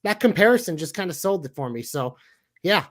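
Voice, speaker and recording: A man's voice: a little high, big pitch swings, fairly quick, a bit bright. A man co-hosting a casual wrestling podcast, ranting heatedly with lots of swearing. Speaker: podcast co-host.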